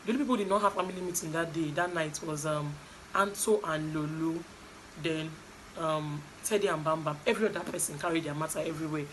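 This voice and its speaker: A woman's voice: low voice, fairly quick, slight background noise, poor audio. A young adult woman with a Nigerian accent, animatedly recapping a reality show in casual gossip style. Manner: animated, chatty storytelling with asides.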